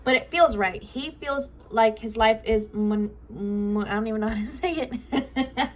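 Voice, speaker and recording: At home, a tarot card reader gives a spiritual love reading, channeling aloud in a rambling way, often repeating herself and searching for words. Her voice is a little high and her pace measured.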